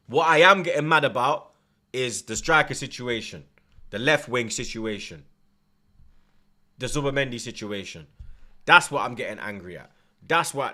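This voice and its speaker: A man's voice: medium pitch, sharp tone. A young man, hosting a football watchalong and ranting emphatically in street slang. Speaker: watchalong host. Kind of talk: heated football rant.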